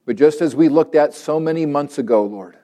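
A man leading a church prayer and then preaching, earnest and emphatic, repeating phrases and slowing down on key words. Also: a little high, warm tone. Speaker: pastor. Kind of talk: prayer and sermon.

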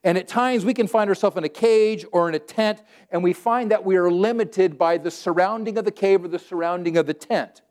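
Pastor guy from socal, high voice, lively chatty preaching, keeps it plain. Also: brisk, few pauses. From Southern California. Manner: animated, conversational preaching with dramatized scripture quotes; plain, everyday wording. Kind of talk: sermon.

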